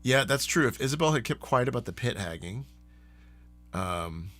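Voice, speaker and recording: A man hosting a live stream, chatting casually in a rambling, animated way and laughing often. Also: mid-range voice, normal speed, faint music behind. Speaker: streamer and host.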